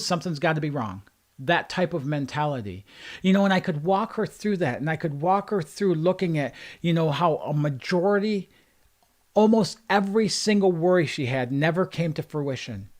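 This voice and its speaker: A man who works as a life coach, giving an earnest motivational talk on a livestream and driving points home with repeated phrases. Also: fairly high pitch. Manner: earnest, repetitive emphatic phrasing.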